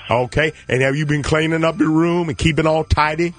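A man putting on a gleefully crude backwoods Santa Claus takes calls on a radio show. He talks about himself in the third person with broken grammar, his voice sitting slightly high. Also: steady tone, brisk, soft background music, lightly acted. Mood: joking. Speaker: comedy character on a radio call-in.

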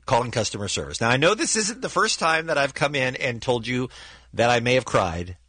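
A man co-hosting a radio show in casual chat, an animated storyteller. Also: medium pitch, brisk, no room sound.

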